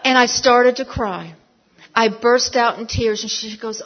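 A woman's voice: on the high side, fairly even intonation, unhurried. A woman giving a personal testimony at church, telling her story emphatically and sometimes dropping to a whisper. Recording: dull lo-fi recording.

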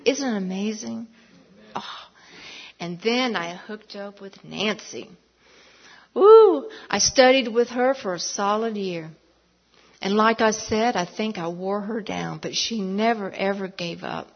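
A woman's voice: medium pitch, measured pace, creaky. A woman giving a personal testimony at church, telling her story emphatically and sometimes dropping to a whisper. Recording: dull lo-fi recording.

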